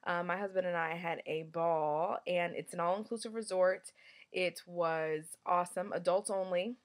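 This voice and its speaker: Casual woman reviewer, lowish voice, candid and playful, loose and chatty. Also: steady tone, moderate pace. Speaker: travel reviewer.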